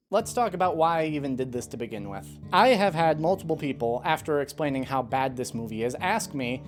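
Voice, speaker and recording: Woman reviewer, low-pitched, swears a lot, exasperated ranting delivery. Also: expressive, fairly quick, hardly any pauses, faint music behind. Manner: profane, heated, exasperated ranting with sighs. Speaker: video reviewer. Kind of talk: ranting commentary.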